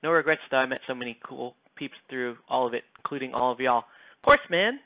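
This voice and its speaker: A man's voice: mid-range voice, a little fast, gravelly, no room sound. A man hosting a miniature painting channel, chatting casually while he paints, rambling with lots of fillers and casual swearing. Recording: tinny phone-like sound, dry.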